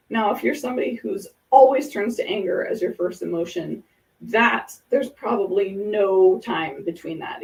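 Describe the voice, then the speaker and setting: A woman's voice: medium pitch, gravelly, darkish tone, recorded from a distance, poor audio. A woman hosting a casual podcast, talking through ideas in an earnest, explanatory way with examples. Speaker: podcast host.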